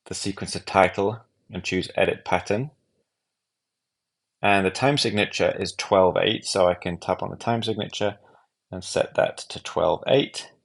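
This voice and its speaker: A man giving a calm, methodical step-by-step walkthrough of a music app. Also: deep voice, gravelly. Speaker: app tutorial presenter. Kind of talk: screen-recorded software walkthrough.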